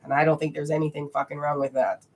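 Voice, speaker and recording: Young woman livestreaming from home, kinda low voice, stuffed-up nasal sound, frank chatty q&a. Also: level tone, fast talker. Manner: frank, chatty, reads viewer comments aloud. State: congested, nasal from a recent cold. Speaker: livestream host answering viewer questions. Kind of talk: casual livestream Q&A.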